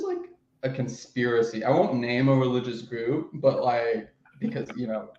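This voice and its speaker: A man chatting casually as a guest, joking and excitable. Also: mid-range voice, moderate pace. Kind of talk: casual chat. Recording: roomy, dull lo-fi call audio.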